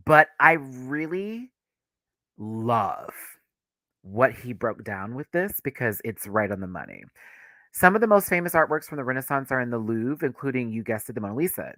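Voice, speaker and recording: Excitable male streamer, bright and animated, gushing fan chat, dry close sound. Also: mid-range voice, dry recording. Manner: excitable, gushing, laughs often. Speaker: livestream host.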